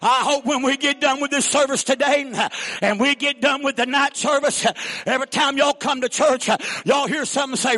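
Male revival preacher, high bright voice, storytelling that builds to shouting, big echoing church. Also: steady tone, moderate pace. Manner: storytelling with laughs, rising to shouted exhortation. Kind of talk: revival sermon.

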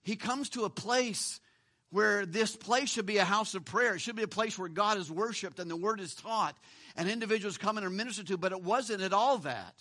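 Pastor, male, high bright voice, chatty sermon with rhetorical questions. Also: normal speed. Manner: conversational, repeats words, asks rhetorical questions.

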